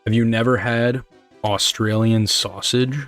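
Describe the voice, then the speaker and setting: Faint music plays behind a young man's low-ish, slightly bright voice as he speedruns on stream. His intonation is fairly even and a little slow, and he rambles, jokes and swears casually while reading chat messages.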